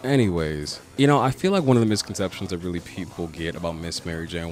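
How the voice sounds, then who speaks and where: Deep-voiced casual male video essayist. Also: quick pace, darkish tone, soft background music. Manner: casual, joking, swears freely. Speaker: podcast host. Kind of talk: comic book video essay narration.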